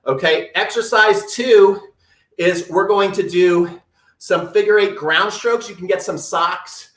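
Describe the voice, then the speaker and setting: A man's voice: high-pitched, takes it slowly, a bit bright, echoey room, distant mic. A man coaching tennis drills and exercises during a live home workout, upbeat and talking while he moves. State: breathing heavily at times. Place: room at home.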